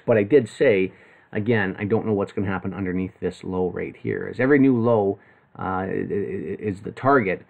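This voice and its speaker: Man, low voice, live trading commentary, casual and rambling with fillers. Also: vocal fry. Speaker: trading analyst.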